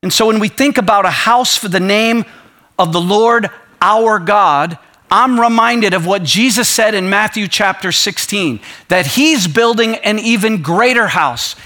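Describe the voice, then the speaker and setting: Impassioned high-voiced male pastor. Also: unhurried, bright, forceful tone. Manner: impassioned, builds intensity. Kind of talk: sermon.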